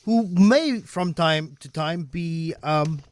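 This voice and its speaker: A South African man hosting a morning radio talk show, speaking in an animated, conversational way into a studio microphone. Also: fairly high pitch, slow pace.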